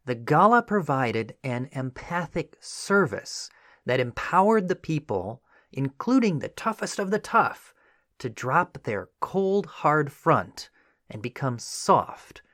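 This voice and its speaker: Recorded at studio quality with no echo, a medium-pitched man hosts a history podcast. He turns his script into lively conversation, with "you know" asides cropping up often.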